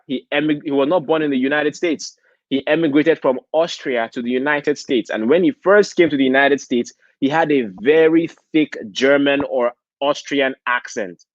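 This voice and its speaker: Preachy and motivational, a Nigerian convention speaker keeps punctuating his talk with "okay?". His mid-range voice is on a dry recording with a dull lo-fi quality.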